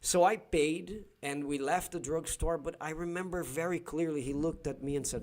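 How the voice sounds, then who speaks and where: A man's voice: fairly high pitch, moderate pace, hardly any pauses. Brazilian man telling stories in English. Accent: Brazilian Portuguese, São Paulo. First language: Portuguese. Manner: animated storyteller, acts out dialogue, frequent restarts. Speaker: livestream host. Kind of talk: casual storytelling on a livestream.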